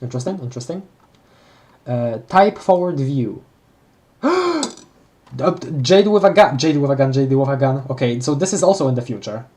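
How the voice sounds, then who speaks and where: During a live read-along, a streamer reads a webcomic aloud in a warm, mid-range voice at a brisk pace. They frequently trip over words and start over, reacting emotionally and with gasps.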